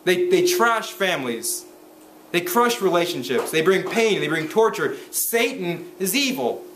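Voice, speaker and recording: A man's voice: high voice, sing-song, a bit bright, slight background noise. A man preaching a sermon as pastor, reading scripture and explaining it, often restarting his sentences with fillers. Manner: halting, many restarts and fillers. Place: church. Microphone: handheld camera recording.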